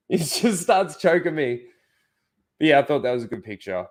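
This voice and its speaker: Young Australian host, casual profane storyteller, loose and rambling delivery. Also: male voice, on the high side, big pitch swings, normal speed. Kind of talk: casual chat.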